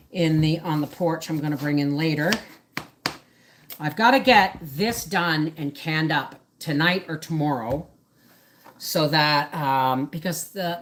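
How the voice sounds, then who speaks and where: A low-voiced middle-aged woman is recorded with a little hiss or hum. Hosting a casual livestream as a homesteader in her home kitchen, she chats in a rambling way, switching topics freely.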